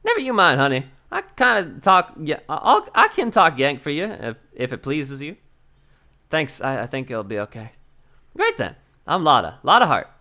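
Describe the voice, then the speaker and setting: A man's voice: fairly high pitch, sharp tone, full character voice. A man voicing a brash, tough Southern woman photographer in a game, with a drawling Southern US accent and a hollering folksy manner. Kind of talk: reading game dialogue aloud.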